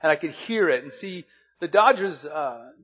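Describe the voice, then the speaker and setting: A man's voice: fairly high pitch, animated, normal speed, breathy edge, highs cut off. A man preaching a sermon as pastor, earnest and fond of repeated rhetorical questions.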